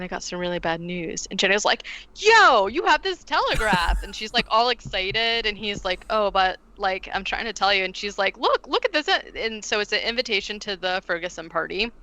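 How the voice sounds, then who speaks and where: A woman's voice: medium pitch, clean tone, dry recording, poor audio. A woman co-hosting a podcast, casually retelling a film plot with lots of "like" and acted-out quotes. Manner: animated, heavy use of "like", acts out quotes. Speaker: podcast co-host recapping a film. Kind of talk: casual chat.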